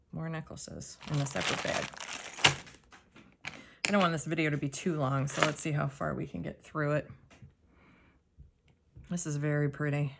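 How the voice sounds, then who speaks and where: Woman, low and gravelly; relaxed soft-spoken unboxing narration with occasional whispers. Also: background noise. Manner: soft-spoken, drifting into whispers while examining items. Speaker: jewelry reseller.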